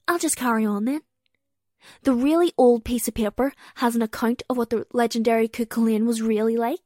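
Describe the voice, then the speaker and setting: A woman's voice: a little high, steady tone, fairly quick, mellow. A woman podcast host performing a comedy sketch as a tour guide, theatrical and mock-indignant.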